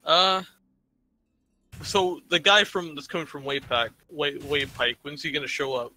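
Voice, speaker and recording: A man's voice: a little high, fairly even intonation, a little slow, sharp tone, slight background noise. A man playing a tabletop role-playing game who speaks casually and hesitantly. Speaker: player.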